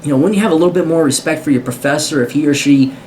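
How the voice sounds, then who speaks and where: A man with a somewhat high voice delivers an unscripted opinion rant straight to camera. He is combative and sarcastic, swears freely, and trips over repeated words as he restarts his sentences. A faint hiss runs underneath. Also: racing, a little mellow. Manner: blunt and combative, with frequent cursing; stammers and restarts mid-sentence. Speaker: video commentator.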